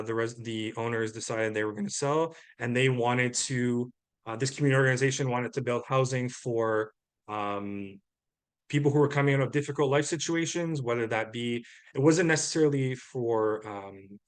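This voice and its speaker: A man talks through a webinar presentation and its questions. His delivery is earnest and explanatory, and he leans on fillers as he goes. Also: mid-range voice. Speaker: housing presenter.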